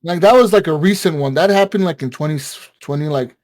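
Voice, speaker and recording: A man's voice: on the high side, a little fast, no echo. Rambling, swearing man telling a story. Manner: rambling, heavy on fillers and swearing. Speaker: podcast co-host. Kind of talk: casual storytelling chat.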